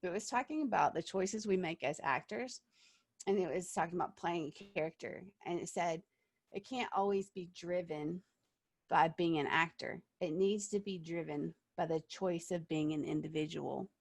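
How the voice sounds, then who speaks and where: Lively woman teaching an acting workshop. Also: on the low side, moderate pace, no echo. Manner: lively, animated, checks in with "okay?" and "yeah?". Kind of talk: online teaching talk.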